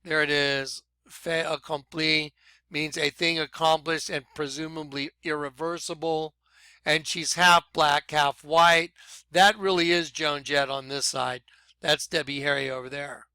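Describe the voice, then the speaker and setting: A man vlogging excited commentary over videos he plays, talking emphatically and apologizing for rushing ahead. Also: on the high side, clean tone, no room sound. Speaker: video blogger.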